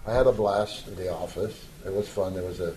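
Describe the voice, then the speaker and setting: A man's voice: deep voice, a little fast, a little hiss or hum. An older man, a podcast guest, telling stories casually and acting out what others said, with frequent laughter. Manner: animated storyteller who acts out quoted lines and laughs often. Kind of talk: casual storytelling in an interview.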